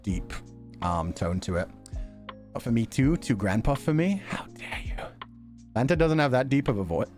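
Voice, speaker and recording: A man talking casually to his chat on a live stream, reacting to videos and laughing often. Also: mid-range voice.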